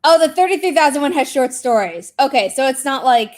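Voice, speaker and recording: A woman's voice: high voice, animated, a little fast. A young woman hosting a casual writing livestream, chatty, greeting viewers with lots of fillers. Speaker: livestream host. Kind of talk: casual chat on a writing sprint stream.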